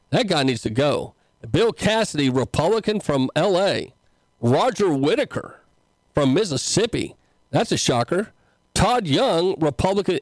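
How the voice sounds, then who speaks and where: A man's voice: fairly high pitch, dry recording, rough recording. A man hosting a talk show as a pastor, mixing folksy preaching with casual political commentary and many fillers. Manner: folksy, conversational, with frequent fillers and restarts.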